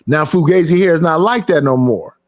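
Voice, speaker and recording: A middle-aged man hosting a livestream in a casual chat, telling animated stories. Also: on the high side, brisk. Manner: animated storytelling with acted quotes. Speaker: livestream host.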